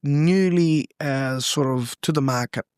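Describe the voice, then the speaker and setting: A young man in his twenties speaks with earnest, heartfelt sincerity as an interview guest. His voice sits on the higher side for a man. The recording is dry and close, with no room sound. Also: a little slow, darkish tone, clean tone, dry recording. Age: 20s. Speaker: real estate agent guest. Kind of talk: casual interview chat.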